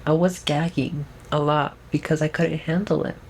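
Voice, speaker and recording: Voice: medium pitch, little pitch movement, moderate pace, gravelly, a little mellow, a little hiss or hum, poor audio. A young adult vlogger speaking in a trained feminine voice, giving a casual, rambling update at home with lots of fillers and restarts. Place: at home, alone with camera.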